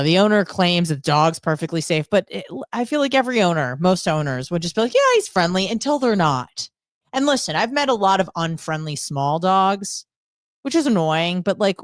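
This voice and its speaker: Low, smooth-voiced woman ranting bluntly. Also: dry recording, clean studio sound. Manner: blunt, profane, sarcastic storytelling. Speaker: podcast co-host. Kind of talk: casual ranting monologue.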